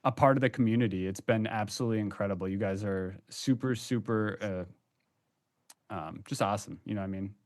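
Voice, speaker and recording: A young man with a lowish voice, talking a little fast, co-hosts a casual podcast. He's chatty and loose, full of ums, fillers, and restarts.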